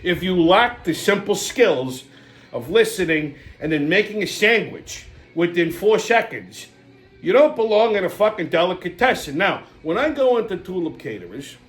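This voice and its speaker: A man's voice: high-pitched, very animated, moderate pace, fairly bright tone. A man hosting a comedy show, ranting in a brash, profane, exasperated way. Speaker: host. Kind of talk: comedic rant. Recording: echoey room with faint music.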